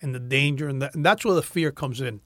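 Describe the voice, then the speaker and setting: A man with a Cuban American accent, an actor telling stories in a casual interview, animated and often restarting his words. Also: mid-range voice, quick pace, no room sound, studio quality.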